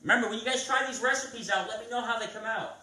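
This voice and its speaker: A man's voice: high-pitched, fast, sharp tone, a little hiss or hum. A man hosting a live cooking stream, chatting viewers through each step of a recipe in a casual way. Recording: echoey kitchen, mic at a distance.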